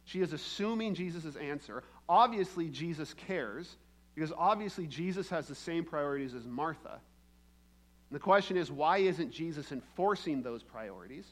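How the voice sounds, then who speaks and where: A man's voice: fairly high pitch, expressive, normal speed. A man preaching a sermon in a conversational way, often checking in with the congregation and acting out the quoted lines. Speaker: pastor.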